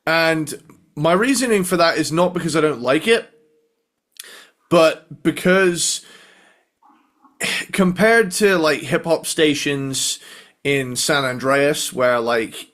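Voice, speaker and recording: A man co-hosting a podcast, casually explaining his reasoning in a measured way with small restarts. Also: medium pitch, fairly bright tone. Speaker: podcast co-host. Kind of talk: casual chat.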